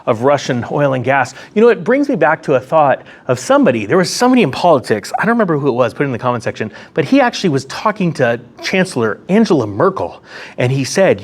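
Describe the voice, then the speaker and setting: A man's voice: mid-range voice, fast talker. A man hosting his own economics commentary vlog, talking casually and sarcastically from a room near a window. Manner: sarcastic, animated, laughs at own jokes. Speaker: host of an economics commentary channel.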